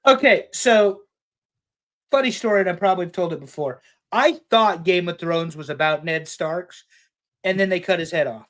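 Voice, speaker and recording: A man's voice: sits high, moderate pace, a bit bright. A middle-aged man, a podcast co-host, rambling in casual chat with profane rants.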